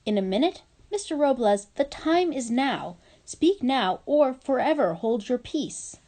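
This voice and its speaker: A woman reading aloud, voicing a stern middle-aged female school principal who scolds in slow, clipped, emphatic phrases. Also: high voice, expressive, mellow, pitched above the performer's own voice.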